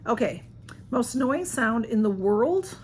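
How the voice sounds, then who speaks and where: A woman's voice: fairly high pitch, sing-song, measured pace, a little hiss or hum. A woman chatting casually at home, answering a list of personal questions in a rambling, self-deprecating way. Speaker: vlogger.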